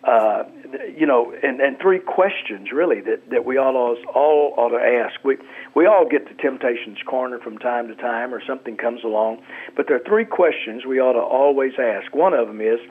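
Earnest pastor on a tinny phone line. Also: male voice, mid-range voice. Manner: earnest, halting with many restarts. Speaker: pastor and author, guest. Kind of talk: Christian radio talk.

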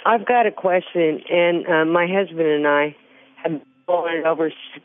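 A woman from rural Illinois calling a radio show with an earnest, halting question, often repeating herself. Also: lowish voice, fairly even intonation, no room sound. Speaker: caller. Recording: tinny phone line.

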